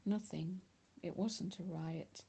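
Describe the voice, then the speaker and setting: A woman reading a meek teenage boy in an audiobook who wants no trouble. The voice is gravelly and dark. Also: on the low side, steady tone, slow, heavily acted. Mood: defensive. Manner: meek, defensive.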